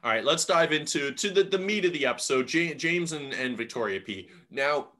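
A young man co-hosting a podcast, chatting casually and putting on quick impressions of the people he talks about. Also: a little high, lively intonation, bright, forceful tone. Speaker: podcast co-host. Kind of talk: casual recap chat.

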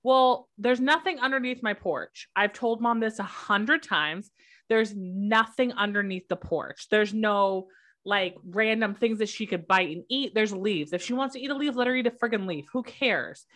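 A young woman co-hosting a podcast, telling stories in a lively, chatty way and acting out what others said. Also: medium pitch, normal speed. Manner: animated storyteller who acts out quotes. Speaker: podcast co-host. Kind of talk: casual chat.

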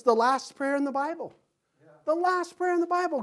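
Middle-aged male pastor, animated sermon delivery, acts out voices, chuckles. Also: very high-pitched, fast talker.

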